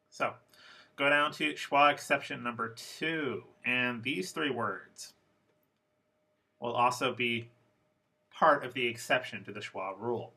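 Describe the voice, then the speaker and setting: Bright-voiced man teaching pronunciation. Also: medium pitch. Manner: slow, deliberate, repeats example words. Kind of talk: classroom lecture.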